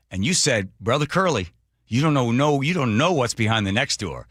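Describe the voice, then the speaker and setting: An older man, a radio host, telling a story with loud exclamations and acted-out quotes. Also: mid-range voice, fairly quick, no echo, clean studio sound. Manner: excitable, exclaims loudly, acts out quotes. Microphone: studio microphone.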